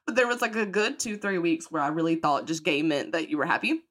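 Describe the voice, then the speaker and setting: A woman's voice: lowish voice, brisk, a bit bright. A young woman hosting a podcast, telling a personal story in a candid, profane, casual way and acting out the voices of people she quotes. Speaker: podcast host.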